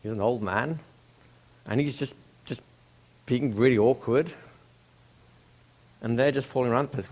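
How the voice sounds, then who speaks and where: A man's voice: medium pitch, steady tone, normal speed, long pauses, a little mellow. A man telling a story in a casual, conversational way, with restarts and asides to the listener.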